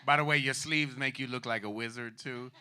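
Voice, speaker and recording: A man hosting a comedy night, his voice very bright and forward. He riffs loosely with the audience, laughs often, and builds up the next act. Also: medium pitch, fairly even intonation, brisk. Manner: loose, laughing, hyping the crowd. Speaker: comedy show host. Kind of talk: stand-up crowd work.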